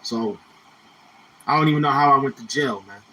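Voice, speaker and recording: Bright-voiced man rambling casually. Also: medium pitch, normal speed, a little hiss or hum, poor audio. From Brownsville, Brooklyn, New York. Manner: rambling, slangy, repeats phrases, laid-back reminiscing. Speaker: YouTuber. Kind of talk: casual storytelling monologue.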